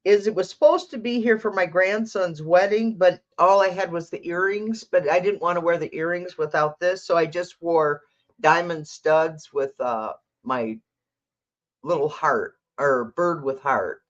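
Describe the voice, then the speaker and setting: A woman's voice: on the low side, measured pace, muffled recording. An older woman hosting a tarot livestream, chatting casually, reading out viewer comments and talking to her cat.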